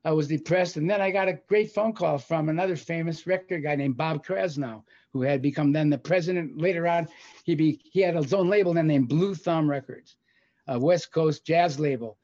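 A man's voice: on the high side, moderate pace, dull audio. An older man from Chicago, a guest telling rambling, profane stories and acting out the people he quotes. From Chicago, USA. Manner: rambling, profane, animated quoting of others. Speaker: guest recounting music industry career. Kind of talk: casual storytelling.

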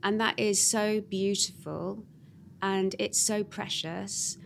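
A woman hosts a podcast and closes the conversation with effusive, measured praise for her guest. Her voice sits at a middle pitch, and faint noise hums in the background. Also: steady tone, gravelly. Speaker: podcast host. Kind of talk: podcast interview, closing remarks.

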